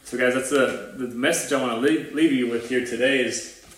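A man's voice: medium pitch, steady tone, moderate pace, fairly bright tone. A man preaching a sermon at a church service in a conversational, casual way, acting out the lines of the people in his story. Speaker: pastor. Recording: roomy echo, voice from a distance.

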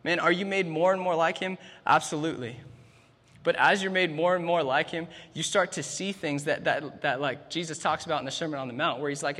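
Husky guy preaching, kinda high voice, keeps saying man, echoey church hall. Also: fairly quick, pushed and bright. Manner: emphatic, repeats "man", frequent restarts. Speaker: pastor. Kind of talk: sermon.

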